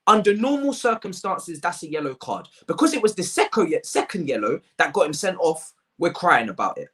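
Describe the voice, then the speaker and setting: Exasperated football fan ranting. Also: male voice, on the high side, big pitch swings, fairly quick, few pauses, a bit bright. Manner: exasperated, repeats phrases for emphasis, slangy. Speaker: football fan channel host. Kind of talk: ranting match review to camera.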